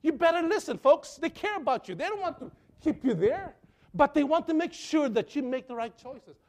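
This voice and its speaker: A man preaching a sermon as a pastor, impassioned and pleading, swinging between loud and soft. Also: extremely high pitch, big pitch swings, normal speed.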